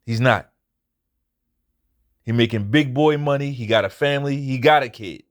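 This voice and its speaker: A man hosts his own boxing commentary show and delivers a casual recap that turns into a blunt rant. His voice sits at an ordinary middle pitch. He swears freely and drives his points home by repeating them. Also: normal speed. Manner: blunt, profane, emphatic, repeats points for emphasis. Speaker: boxing commentary channel host.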